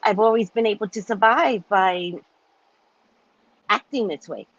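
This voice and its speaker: A woman hosting a psychic live stream, telling a casual, chatty story in an animated way with frequent laughs and repeated words. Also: mid-range voice, a little slow, dry recording, lo-fi sound.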